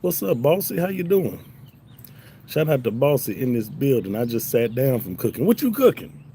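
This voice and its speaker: A man's voice: mid-range voice, sing-song, moderate pace, creaky, dark tone, a little hiss or hum. A man hosting a casual livestream, reading chat aloud in a loose, profane way and laughing often. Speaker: livestream host.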